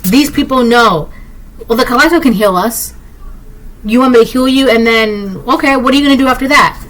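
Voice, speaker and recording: A woman's voice: on the high side, a little fast, fairly bright tone, low-quality recording. A woman giving a collective tarot reading, blunt and emphatic, repeating herself and talking straight to the viewer. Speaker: tarot reader.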